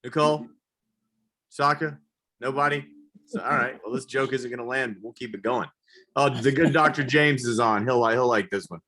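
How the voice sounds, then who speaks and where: A man doing a rambling, self-deprecating stand-up comedy set, now and then yelling high whoops. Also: normal speed. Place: comedy show, live virtual audience.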